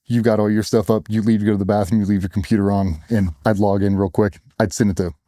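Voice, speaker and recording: Fast-paced and steady in tone, a middle-aged man with a fairly low, dark voice shares war stories from his time as a special operations operator. In this casual interview he is blunt, sometimes curses, and acts out what others said, recorded in clean studio sound with no room sound.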